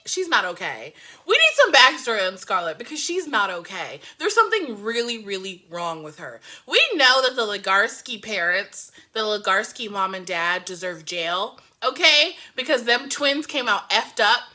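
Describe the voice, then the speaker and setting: Animated woman ranting in a bright voice. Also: on the high side. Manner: animated, profane, rambling rants. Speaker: TV show reviewer. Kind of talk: casual reaction review.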